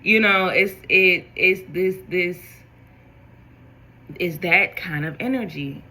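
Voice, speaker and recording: A woman gives a spiritual tarot reading, speaking directly to her viewers. Her voice is bright and forceful, and her delivery is animated. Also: lowish voice, takes it slowly, poor audio. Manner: animated, talks straight to viewers. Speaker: tarot reader.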